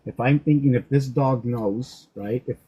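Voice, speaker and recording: A middle-aged man grooming a dog, talking to it in a soft, coaxing way and joking with himself as he works. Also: medium pitch, a little slow, slightly rough, dull audio. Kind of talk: rambling talk to a dog while grooming.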